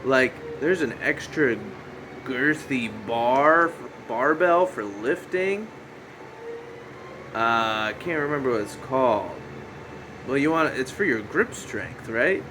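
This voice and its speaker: A man's voice: medium pitch, animated, slow pace. A man hosting a solo podcast, rambling and joking at himself, with a fan running in the room. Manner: goofy, joking, self-mocking, breaks into shouty bits. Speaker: podcast host. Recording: faint fan hum behind.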